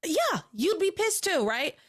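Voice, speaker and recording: A woman's voice: very high-pitched, a little slow. A woman hosting a podcast, chatting casually as she recaps soap opera episodes and briefly acts out the characters. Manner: animated, acts out quotes in character voices. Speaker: podcast host.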